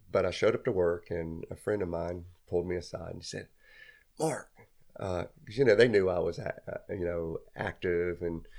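A middle-aged man with a deep, gravelly, darkish voice spins a long personal story during a casual chat. He rambles, pokes fun at himself, and laughs often.

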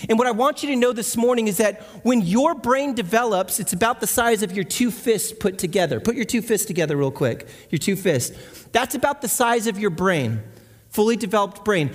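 High-voiced man preaching in a reverberant hall. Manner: conversational preaching, asks the congregation questions. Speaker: guest speaker. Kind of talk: sermon. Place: church.

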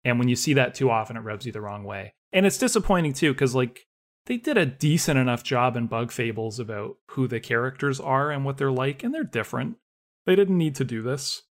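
A man's voice: medium pitch, lively intonation, a little fast. A man co-hosting a podcast, chatting casually and ranting with animation about writing, laughing often. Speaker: podcast co-host.

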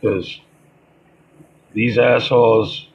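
A man with a deeply gravelly, husky voice delivers a heated, profane monologue, stopping and restarting as he gets worked up. He talks slowly, and the recording sounds dull and lo-fi. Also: steady tone. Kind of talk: monologue commentary.

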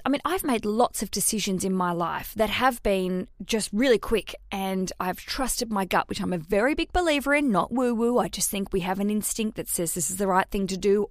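A woman's voice: medium pitch, no echo. A woman in her thirties hosts her own podcast from a small booth at home, talking in a loose, chatty way. She keeps breaking off into self-mocking asides. The sound is close and dry, with no room around it. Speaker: podcast host. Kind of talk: casual solo podcast chat. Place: recording booth in a city flat.

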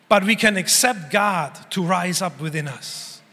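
A pastor, a man with a high, bright voice, preaching with earnest emphasis and repeated phrases. He voices prayers as he speaks. His sermon rings out with a long reverb in a church hall. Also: moderate pace, hardly any pauses.

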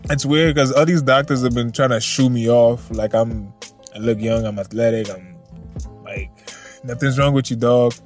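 A man's voice: mid-range voice, steady tone, normal speed, soft background music. Laid-back swearing male podcast host. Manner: laid-back and swearing, laughs often, rambles off topic. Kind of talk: casual news chat.

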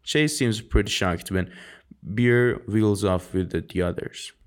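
A man reading a novel aloud in an amateur audiobook, halting with frequent slips and restarts. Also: on the low side. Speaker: audiobook reader.

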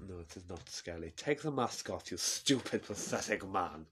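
Man doing a deadpan, scornful politician's wife. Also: low-pitched, slightly rough, heavily acted. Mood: contemptuous. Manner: flat, slow, dismissive.

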